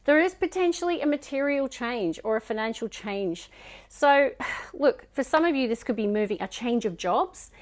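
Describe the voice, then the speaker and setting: A woman with a Scottish accent giving a casual tarot card reading, musing and chatty, sometimes dropping to soft murmurs. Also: on the high side, lively intonation, moderate pace. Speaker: tarot reader.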